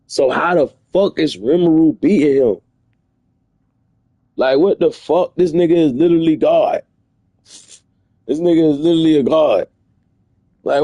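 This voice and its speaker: Gravelly-voiced man ranting in disbelief. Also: mid-range voice, warm tone, dry recording. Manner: incredulous, profane, rambling rants. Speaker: streamer. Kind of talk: casual reaction commentary.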